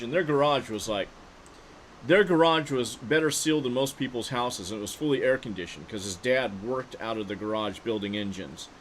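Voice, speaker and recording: Male streamer, mid-pitched, rambling anecdote with lots of fillers, faint noise. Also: poor audio. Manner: rambling, full of fillers and restarts. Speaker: game streamer. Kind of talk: casual storytelling while gaming.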